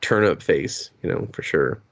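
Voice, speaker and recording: A man's voice: sits low, normal speed, gravelly, lo-fi sound. A man co-hosting a podcast, recapping a movie in casual chat, swearing freely and acting out the characters' lines. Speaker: podcast co-host.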